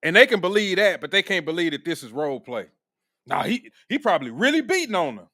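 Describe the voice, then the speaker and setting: A man's voice: high-pitched, big pitch swings, fast talker, pushed and bright, no echo, studio quality. A man hosting a casual reaction commentary, blunt and profane, laughing often. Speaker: commentary host.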